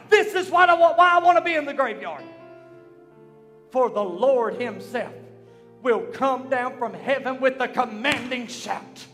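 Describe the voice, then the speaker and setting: High-voiced fervent male preacher. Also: animated, unhurried, big-room sound, soft background music. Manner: fervent, swings between shouting and hushed tones. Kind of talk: sermon.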